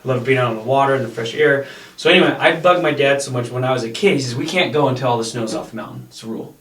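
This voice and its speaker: Middle-aged guy rambling thru boat stories, animated, echoey room, kinda off mic. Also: mid-range voice, rapid-fire. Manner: rambling, animated, laughs while telling stories. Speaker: podcast guest. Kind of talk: casual storytelling. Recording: roomy echo, a bit far from mic.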